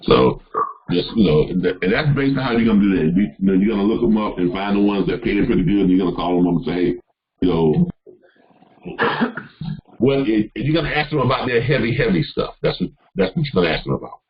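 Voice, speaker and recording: A man's voice: on the low side, expressive, fast talker, breathy edge, highs cut off. A man hosting a live question-and-answer call, giving casual advice in a rambling way with many fillers and restarts. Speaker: host answering caller questions.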